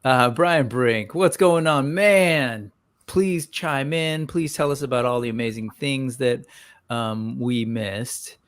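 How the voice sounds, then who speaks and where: A man's voice: medium pitch, slow, no room sound, clean studio sound. A man hosting a casual toy-news livestream, rambling and upbeat with many fillers, greeting viewers by name.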